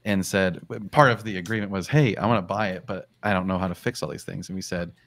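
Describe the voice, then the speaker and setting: A man's voice: sits low, fast talker, a bit bright. A young man hosting a casual group chat on a livestream from a home studio, laid-back and rambling, laughing often. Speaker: show host.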